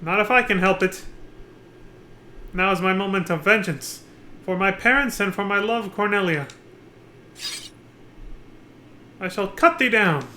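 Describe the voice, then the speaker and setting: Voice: mid-range voice, normal speed, bright, forceful tone, slight background noise, natural voice. A streamer voicing a heartbroken young lover from a stage play in a game, reading his old-fashioned lines in a theatrical way. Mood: vengeful.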